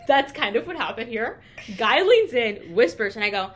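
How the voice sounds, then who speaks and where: Bright-voiced young woman telling stories. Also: high voice, very animated, unhurried. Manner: candid storytelling, swears freely. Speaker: podcast co-host. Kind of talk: casual chat.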